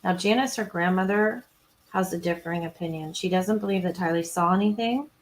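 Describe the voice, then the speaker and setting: A woman's voice: lowish voice, brisk, slight background noise, poor audio. A woman hosting a casual true crime livestream, recapping scenes and reading viewer comments aloud in a chatty way, with frequent ums and restarts. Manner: chatty, retells scenes, greets and answers viewers.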